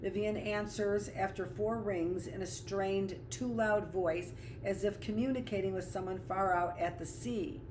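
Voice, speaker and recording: Woman, lowish voice, steady unhurried narration, reading a novel aloud. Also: background noise. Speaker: teacher.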